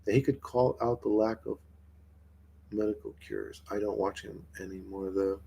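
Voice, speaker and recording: A man with a husky, dark-toned voice chats casually on a livestream. He rambles, swears a lot and keeps asking his viewers questions. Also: on the low side, fairly even intonation, normal speed.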